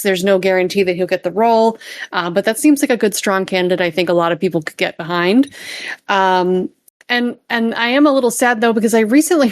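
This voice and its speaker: A woman's voice: medium pitch, no room sound. A woman co-hosting a podcast, chatting casually through the news with lots of fillers and easy laughs. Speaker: podcast co-host reading news.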